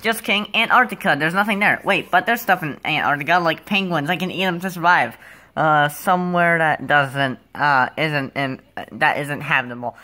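A woman's voice: low voice, normal speed, sharp tone. A woman performing an improvised plush puppet skit, talking hesitantly with many filler words. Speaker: plush puppet show creator.

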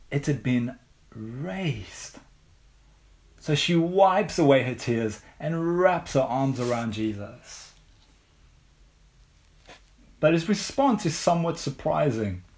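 A man with an English accent preaching a sermon, unhurried and measured, leaning on rhetorical questions. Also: medium pitch, darkish tone. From England.

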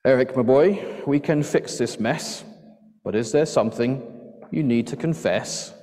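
A man voicing a kind, patient father in a children's story, speaking gently and reassuringly. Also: mid-range voice, a little slow, natural voice. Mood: gentle. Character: kind patient dad, middle-aged. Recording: long church reverb.

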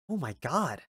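A young man giving casual reaction commentary while watching an anime episode. He swears often and breaks into loud, excited yells. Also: mid-range voice, breathy edge, dry recording.

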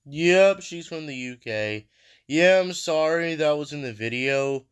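A man's voice: fairly high pitch, expressive, a little slow, clear, resonant tone. A man hosting a reaction video, musing aloud in a rambling, casual way with lots of fillers.

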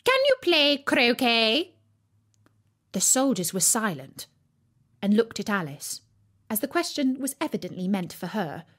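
A woman reading a storybook aloud in a slow, expressive way for listening practice. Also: medium pitch, slightly rough. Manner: expressive, acts out the characters.

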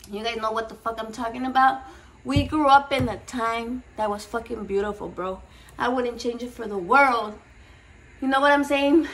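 A woman, hosting a cooking vlog in a casual, rambling, swear-heavy chat. She mixes Spanish slang into her English and sounds a little shaky and nervous. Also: high voice. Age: 30s. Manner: profane, excitable, switching between English and Spanish slang. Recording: voice a bit far from the mic.

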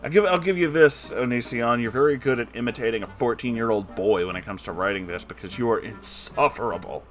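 A man's voice: medium pitch, fairly quick, hardly any pauses, faint music behind. A man giving comedic, sarcastic commentary while reading a book aloud, exasperated and swearing freely.

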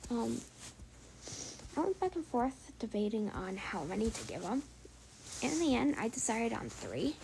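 A woman casually narrating her drawing process, hesitant with many fillers and often dropping to a soft whisper. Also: fairly high pitch, sing-song, unhurried, creaky, pauses often, slight background noise, rough recording. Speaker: drawing channel host.

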